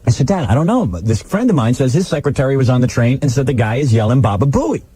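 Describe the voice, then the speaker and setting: Excitable fast-talking radio host. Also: male voice, medium pitch, slightly rough, no room sound. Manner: excitable, acts out quotes. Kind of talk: animated storytelling on talk radio. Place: radio studio.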